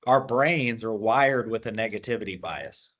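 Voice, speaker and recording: A man's voice: fairly low pitch, lively intonation, normal speed, a bit bright, highs cut off. A man speaking as a guest, explaining mental skills in a plainspoken way with military terms. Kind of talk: motivational talk on a call.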